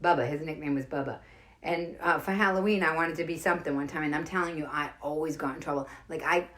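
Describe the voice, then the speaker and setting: A woman's voice: low voice, quick pace, fairly bright tone. A middle-aged woman with a Boston accent, doing casual stand-up storytelling for a home livestream, rambling and greeting viewers by name. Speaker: comedian hosting a livestream. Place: home during lockdown.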